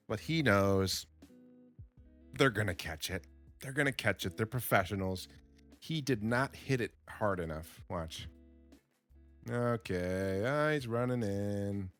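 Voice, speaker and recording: A man giving a slow, simple English lesson as a voice-over on game footage, repeating words and reacting with excitement to the action. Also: on the low side, soft background music. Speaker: English teacher.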